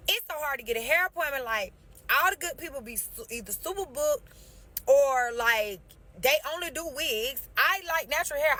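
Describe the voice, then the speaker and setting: A woman's voice: high voice, bright, forceful tone. A woman venting casually to camera in an exasperated, slangy rant.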